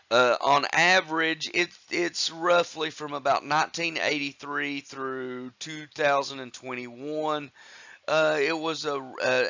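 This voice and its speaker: A male instructor lecturing on economics at an unhurried, deliberate pace, with a bright, forward voice. He works through each point methodically, pausing on fillers and restarting phrases. The recording is dry and slightly dull, as if made on a modest mic. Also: a little high, dry recording.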